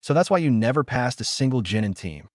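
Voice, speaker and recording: A man's voice: mid-range voice, big pitch swings, brisk, no room sound, clean studio sound, voice pushed up, natural voice. A man voicing a serious teenage boy ninja who lectures bluntly, in a storybook reading. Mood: stern.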